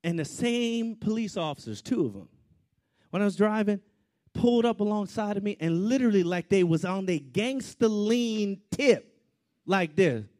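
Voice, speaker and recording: A man delivers a storytelling sermon as a preacher. His voice sits somewhat high and leaps around in pitch. He moves from loud outbursts to quiet, hushed asides. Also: animated, normal speed.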